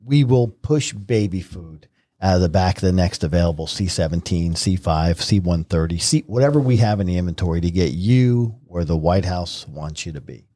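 A middle-aged man from New York, a podcast guest, telling stories in a vivid, animated way. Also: low-pitched, normal speed. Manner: vivid, animated retelling with acted-out quotes. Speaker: guest, retired Marine helicopter pilot. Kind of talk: conversational storytelling.

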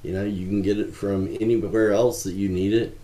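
A man with a very deep, mellow voice answers interview questions in an earnest, measured way, often pausing on fillers. His voice carries a noticeable room echo. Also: little pitch movement. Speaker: ministry founder, guest. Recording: roomy echo.

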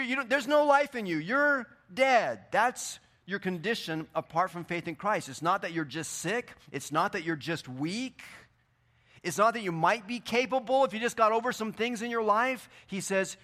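A man preaching a sermon in a church, swinging between loud, emphatic bursts and quieter scripture reading. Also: high voice. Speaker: pastor. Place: church sanctuary.

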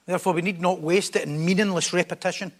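A man's voice: sits high, steady tone, fast. A man preaching a sermon in an emphatic style, repeating key phrases for weight.

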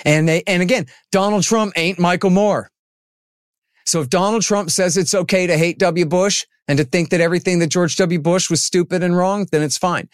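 A man as an interview guest, talking in an animated, emphatic way and acting out the people he quotes. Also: a little high, no echo, clean studio sound. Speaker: podcast guest, antiwar writer. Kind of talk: casual interview talk.

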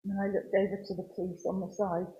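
A woman giving a personal faith testimony in church, speaking earnestly in a halting way with many restarts. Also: mid-range voice, level tone, warm tone, husky, dull audio.

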